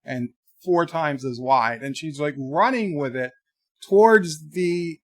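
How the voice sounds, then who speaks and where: A man's voice: on the high side, slow, dry recording. Rambling man. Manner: rambling storyteller, many restarts. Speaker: streamer reading live chat. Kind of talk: casual live-stream chat. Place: home.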